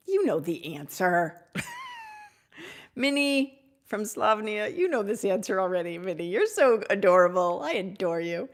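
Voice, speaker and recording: A woman hosting a live Q&A on spiritual topics, effusive and gushing, sometimes dropping into soft whispers. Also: medium pitch, wildly swooping pitch, measured pace. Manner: warm, effusive, drops to soft whispers at times. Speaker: host answering audience questions.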